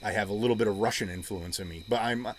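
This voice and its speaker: A man's voice: on the low side, quick pace, slight background noise. A man in casual chat, blunt and joking, swearing now and then. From United States.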